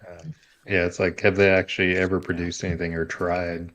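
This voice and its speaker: A man in casual chat, blunt and quick to swear when he makes a point. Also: low voice, flat delivery, a bit bright.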